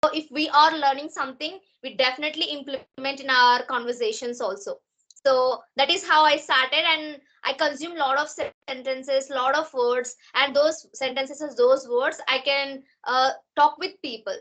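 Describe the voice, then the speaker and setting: Woman host, high bright voice, polite, restarts her sentences a lot. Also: steady tone, moderate pace. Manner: polite and respectful, with hesitant restarts. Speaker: podcast host. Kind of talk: podcast interview.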